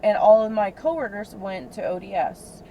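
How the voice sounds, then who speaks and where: A young woman in her twenties vents from the back of a car, her talk heated, profane and full of fillers. Her voice sits at an ordinary middle pitch for a woman. A faint hum of the road runs under her, picked up by an in-car cabin camera. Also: normal speed, dark tone, low-quality recording. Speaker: rideshare passenger. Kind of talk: casual venting chat. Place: inside a moving car. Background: faint vehicle road noise.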